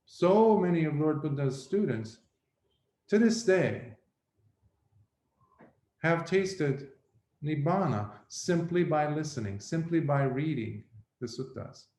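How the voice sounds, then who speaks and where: A Buddhist monk giving a reflective dharma talk, telling a story slowly with pauses. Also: male voice, on the high side, animated, a little mellow. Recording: roomy echo.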